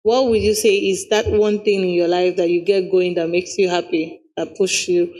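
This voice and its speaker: A woman's voice: lowish voice, level tone, normal speed, warm tone. A woman hosting a podcast interview, asking questions with short encouraging prompts. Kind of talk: conversational interview.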